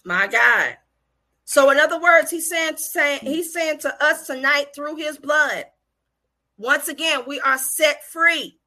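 A woman preacher, delivering a fiery sermon with call-and-response, shouting and repeating phrases. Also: sits high, steady tone, measured pace.

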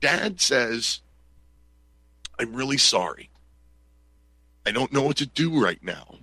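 A man's voice: mid-range voice, very animated, slow pace, pushed and bright, no echo. A man in casual conversation, telling a story animatedly and acting out the quoted lines.

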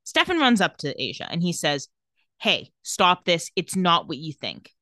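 A woman's voice: fairly low pitch, huge pitch swings, unhurried, bright, forceful tone, no room sound. A young woman co-hosting a casual chat, retelling TV scenes and quoting the characters. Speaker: podcast co-host recapping a TV episode.

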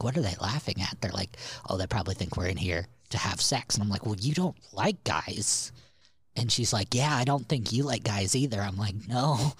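A man's voice: on the low side, fairly bright tone, slightly rough, no echo. A man co-hosting a podcast, telling rambling anecdotes in casual chat and swearing freely. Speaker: podcast co-host.

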